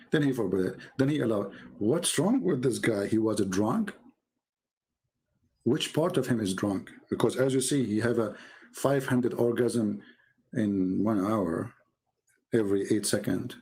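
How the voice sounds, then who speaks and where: A man giving mocking, sarcastic commentary as he reads from a website on screen. He swings from low mutters to sudden high exclamations. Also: a little mellow, low-quality recording. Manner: mocking and sarcastic, with exaggerated mock praise. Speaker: religious debater and commentator.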